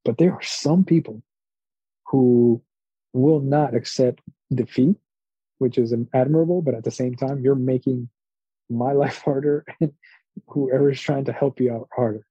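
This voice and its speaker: A man co-hosting a casual podcast, telling long, rambling stories and putting on little voices for the people in them. His voice is husky and mid-pitched. The recording is dry and a bit dull. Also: a little slow, long pauses, dry recording. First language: Spanish. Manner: rambling, animated storytelling with quoted voices and laughs. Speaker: podcast co-host. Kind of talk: casual chat.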